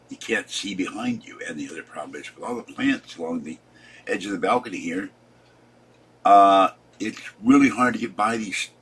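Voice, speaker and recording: A man's voice: low-pitched, a bit bright, slight background noise. A man in his seventies, tired and upset, rambling through a casual vlog and complaining as he trails off. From Pittsburgh. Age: 70s. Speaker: vlogger.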